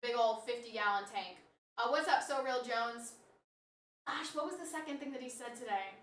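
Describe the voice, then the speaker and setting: Picked up by a distant mic in a roomy space, this female streamer chats casually at normal speed. Her voice sits a little high with a fairly bright tone. She rambles and responds to her chat from a room at home that holds a snake enclosure.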